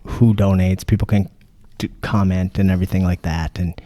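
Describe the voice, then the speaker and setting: A man's voice: low-pitched, steady tone, normal speed, warm tone, dry recording. A man hosting a podcast in casual chat. He rambles, swears freely and restarts his sentences. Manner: rambling, profane, many restarts. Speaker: podcast host.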